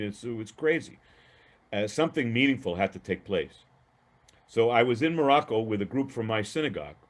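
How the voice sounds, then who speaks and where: A man giving a storytelling lecture on a video call, speaking in an animated, emphatic way with frequent restarts. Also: mid-range voice. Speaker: guest lecturer.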